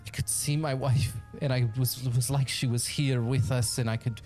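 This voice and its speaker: A man voicing a gaunt, sickly, cursed and grieving man in a tabletop game, in halting, broken, pleading speech. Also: mid-range voice, steady tone, a little mellow, soft background music, pitched above the performer's own voice, natural voice. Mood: anguished.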